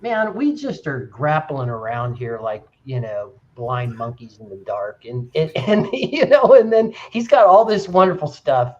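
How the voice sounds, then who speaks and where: A man in an earnest group discussion, retelling stories with animated, rising emphasis. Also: a little high, a little slow, hardly any pauses, dull audio. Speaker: discussion participant. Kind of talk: casual discussion.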